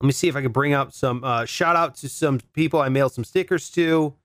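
A man's voice: medium pitch, brisk, a bit bright, no echo. A man hosting a solo podcast in a casual, laid-back way, swearing freely and calling listeners dude and bro. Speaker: podcast host.

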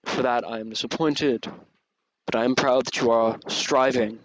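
A man voicing a majestic male dragon god with a deep, booming voice, speaking in slow, solemn, measured judgment. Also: steady tone, dry recording, muffled recording, lightly acted. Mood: stern.

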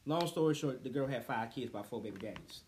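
A man's voice: medium pitch, fast, slight background noise. A young man in casual podcast chat, telling profane stories and acting out the people he quotes. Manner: profane, animated storyteller who acts out quotes.

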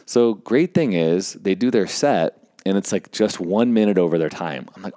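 A man's voice: sits low, moderate pace, hardly any pauses, dark tone, no echo. A man casually telling a story about his work as an event stage manager, rambling with fillers and acting out what people said. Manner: conversational, rambling with fillers, acts out quoted lines.

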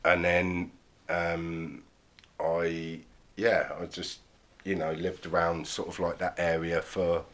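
A man with a southern English accent and a very low, deep voice talks as a podcast guest. He rambles through his story with many ums, "sort of" and "like". The delivery is casual and unhurried. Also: completely flat delivery, a bit bright. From southern England. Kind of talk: casual interview talk.

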